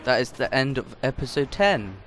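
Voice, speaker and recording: A man giving jokey, excitable commentary over his own first-person shooter gameplay, quickly frustrated when shots miss. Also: medium pitch, faint music behind. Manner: excitable, joking, easily frustrated. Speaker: gaming channel host. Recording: game gunfire noise behind voice. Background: shooter game gunfire.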